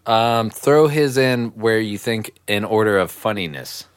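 Slow-talking joking man on a call. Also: on the low side, lively intonation, clean tone. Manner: joking, swearing, trailing off mid-sentence. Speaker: podcast co-host. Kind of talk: casual chat. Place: home, remote call.

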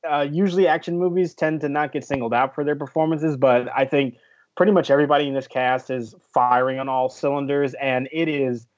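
A man's voice: medium pitch, steady tone, a little fast, dull audio. A man on a podcast panel chatting casually and admiringly about a movie. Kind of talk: casual film review chat.

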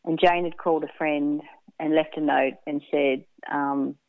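A woman's voice: sits low, fairly even intonation, measured pace, no room sound. A woman guest telling a personal story in a radio interview, candid and laughing often, acting out what people said. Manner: candid, laughs often, acts out quoted speech. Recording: tinny phone-like line, dry.

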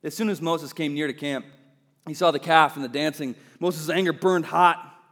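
A man preaches a sermon, dropping to soft asides and then rising to loud, emphatic points. His voice sits a touch high for a man. It carries a long reverb in a church hall. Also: steady tone, moderate pace. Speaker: pastor. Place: church sanctuary.

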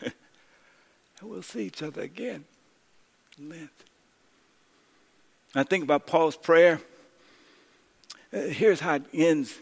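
High-voiced preaching man in a hall. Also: slow, gravelly, long pauses, breathy edge. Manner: preaching with dramatic swings from loud to hushed. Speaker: pastor. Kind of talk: sermon.

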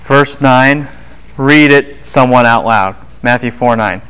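A man giving a university Bible lecture, lively and quizzing the class with quick asides. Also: medium pitch, clear, resonant tone, rough recording.

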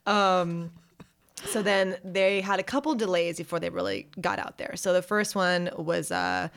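A woman's voice: fairly low pitch, unhurried, gravelly. A woman casually telling a story in conversation, acting out people's lines as she goes. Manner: animated storytelling, acts out voices in quotes. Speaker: podcast co-host telling a story. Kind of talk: casual chat.

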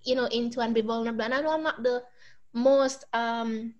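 Young woman, podcast co-host, high voice, tearful, halting, emotional, lots of restarts. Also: fairly even intonation, darkish tone, muffled recording. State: tearful, close to crying. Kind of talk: casual podcast chat.

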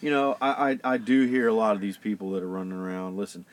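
A man's voice: on the low side, quick pace. A middle-aged man from Florida, a podcast guest, ranting in casual chat with heavy swearing. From Pensacola, Florida. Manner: profane, animated ranting.

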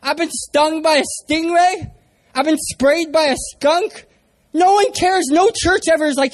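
A man's voice: very high-pitched, normal speed. A young man from San Diego preaching a sermon, telling a personal story with self-mocking humor. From San Diego area, US.

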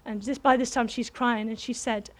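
A woman with a high voice gives a sermon. She tells a personal story in a lively way, and her laughter keeps breaking through. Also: normal speed. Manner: animated, bursts into laughter while telling a story. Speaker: preacher.

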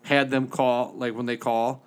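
A man co-hosting a podcast in a studio, telling a story with lively back-and-forth, acting out both sides of a phone call. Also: mid-range voice, unhurried, clear, resonant tone. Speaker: podcast co-host. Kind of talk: casual chat.

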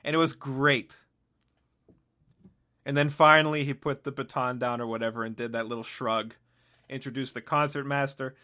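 Bright-voiced, sardonic male podcaster. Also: mid-range voice, fairly even intonation, moderate pace, pauses often. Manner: rambling, sardonic, self-interrupting. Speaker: podcast host. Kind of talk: solo comic monologue.

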